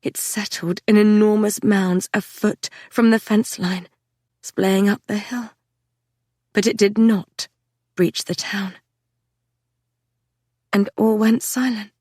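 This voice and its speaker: A woman reading a dark fantasy novel aloud in the first person, intense and measured. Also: medium pitch, fairly even intonation, no room sound, studio quality. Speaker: audiobook narrator. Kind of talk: dramatic first-person audiobook narration.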